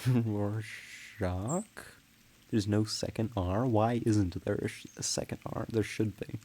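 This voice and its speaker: A man's voice: fairly low pitch, slow, mellow. A man streaming a game and rambling casually with his viewers, with frequent giggles. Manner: rambling and giggly, laughing often; chats with viewers while playing. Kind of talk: casual livestream chat.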